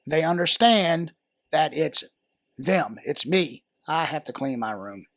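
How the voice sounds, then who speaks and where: A man's voice: a little high, moderate pace, no echo, studio quality. A man with a Southern American accent, patiently explaining a grammar lesson with fillers and repeated words. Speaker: teacher. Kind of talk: grammar tutorial.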